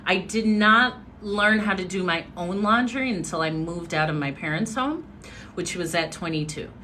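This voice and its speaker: A woman hosting a livestream, telling a story casually with dramatic swings between loud and hushed. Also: lowish voice, normal speed, slight background noise. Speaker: social media host.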